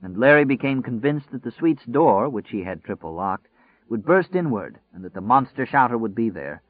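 A man narrating an audiobook in a measured, deliberate reading. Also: medium pitch, sing-song, dry recording. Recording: dry, phone-like narrow sound.

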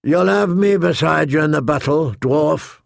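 A man reading as a blunt, mocking sellsword from a fantasy story. The voice is pitched up and gravelly, close and dry. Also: unhurried, no echo. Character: cocky, mocking male sellsword.

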